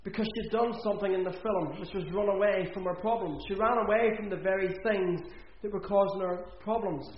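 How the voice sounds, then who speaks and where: A man's voice: sits high, a little fast, few pauses. A man preaching an earnest sermon in a church, repeating phrases for emphasis. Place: church hall. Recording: echoey, dull church recording.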